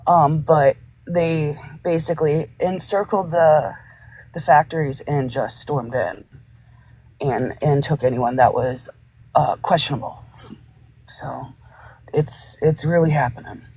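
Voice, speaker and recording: Hesitant caller with frequent fillers. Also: male voice, a little high, slow pace, long pauses, darkish tone, breathy edge, poor audio. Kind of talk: casual report.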